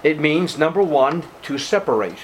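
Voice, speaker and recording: Emphatic preaching man, fairly high-pitched. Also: animated, normal speed, a little hiss or hum. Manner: emphatic preaching, repeats key words, addresses listeners as beloved. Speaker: pastor. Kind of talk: sermon. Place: church service with congregation.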